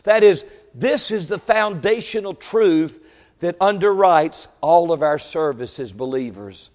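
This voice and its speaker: A man preaching a sermon, swinging from shouted peaks to low quiet asides and stumbling over words when worked up. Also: animated, a little slow, big-room sound. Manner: stammers and restarts when worked up.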